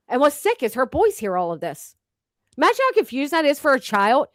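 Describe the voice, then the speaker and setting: A woman hosting a casual commentary chat, blunt and profane, mocking people with quick impressions. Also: high voice, big pitch swings, no echo, studio quality. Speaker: host.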